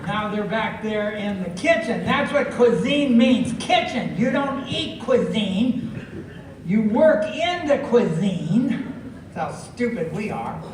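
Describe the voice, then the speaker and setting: This animated American comic has a high-pitched voice and works through his live set with drawn-out, emphatic lines and occasional shouting. The mic sits far from him in a noisy, echoing venue.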